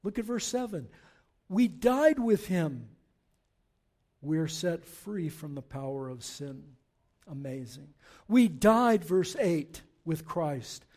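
Male pastor, higher-pitched voice, animated sermon delivery with scripture reading. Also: slow. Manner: animated preaching, reading scripture aloud, rising to forceful exhortation.

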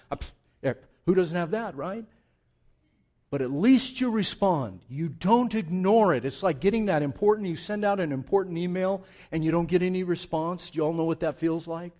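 A man preaching a sermon, moving from quiet, intimate remarks to loud, emphatic passages with conversational asides to the congregation. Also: high-pitched, expressive, moderate pace. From Southwest United States. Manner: dynamic, swings from hushed to loud and emphatic. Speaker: pastor.

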